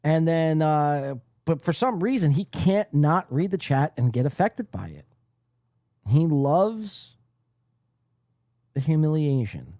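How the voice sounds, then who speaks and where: Rambling, fairly high-voiced podcast host. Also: male voice, very animated, slow pace, long pauses, mellow, no echo, clean studio sound. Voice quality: rambling, laughs often, reads chat aloud. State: weary after a long stream. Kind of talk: casual livestream commentary.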